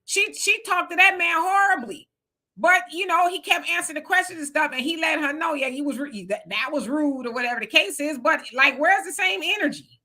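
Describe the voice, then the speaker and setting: A woman's voice: very high-pitched, fairly quick, pushed and bright. A woman hosting a casual livestream, giving blunt opinions and greeting viewers by name as she reads their comments. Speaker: livestream host.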